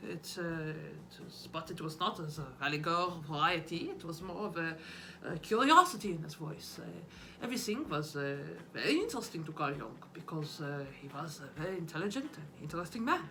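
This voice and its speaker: A woman impersonating an elderly male psychiatrist who talks slowly, pausing often with uh's. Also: sits low, lively intonation, bright, forceful tone, a little hiss or hum, voice pushed down, heavily acted. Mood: musing. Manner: slow, hesitant, full of uh's. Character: an old male psychiatrist, ponderous and curious.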